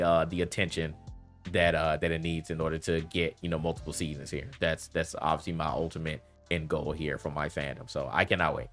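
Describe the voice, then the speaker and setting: A man chatting casually on a livestream, animated and prone to repeating himself. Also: low-pitched. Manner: animated, repeats himself, quick bursts of laughter. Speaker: streamer.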